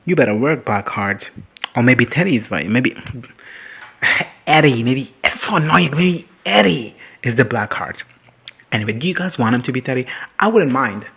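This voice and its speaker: A man's voice: mid-range voice, animated, measured pace, vocal fry, fairly bright tone, husky. A man casually recapping a show in a reaction video, rambling, swearing and laughing often.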